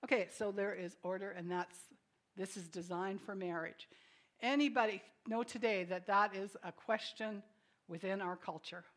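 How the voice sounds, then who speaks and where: A woman preaching a sermon in a mid-range voice. She talks to the congregation directly and keeps putting questions to them. Her firm declarations alternate with soft, self-deprecating asides. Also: medium pitch, steady tone, normal speed. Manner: swings from emphatic declarations to soft, quiet asides.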